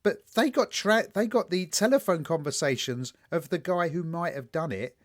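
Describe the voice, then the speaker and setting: A man's voice: fairly high pitch, lively intonation, moderate pace. A man, a young adult, co-hosting a podcast in casual chat, swearing and telling stories with mock quotes. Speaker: podcast co-host.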